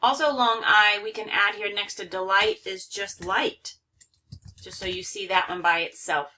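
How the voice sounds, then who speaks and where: A woman's voice: medium pitch, steady tone, moderate pace, sharp tone. A woman teaching a recorded phonics lesson, carefully overpronouncing example words.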